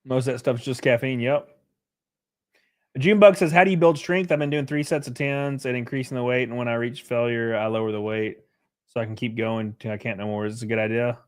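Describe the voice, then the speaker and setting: Talking briskly, a young man hangs out on a livestream and reads chat aloud. He swears freely, uses plenty of fillers, and turns animated, with sudden high-pitched jumps on his jokes.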